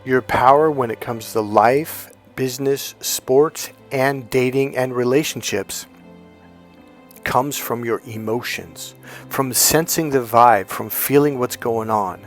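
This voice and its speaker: A man's voice: mid-range voice, takes it slowly, soft background music. A man coaching on dating, telling stories in a blunt, profane way and acting out the people in them. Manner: blunt, profane, acts out quoted voices. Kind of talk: casual storytelling monologue.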